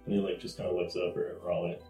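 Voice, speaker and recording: A man at a tabletop game describes his character's actions in a hesitant, rambling way. His voice sits low, and the room is echoey. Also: monotone, racing, warm tone, faint music behind. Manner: hesitant, filler-heavy. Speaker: player.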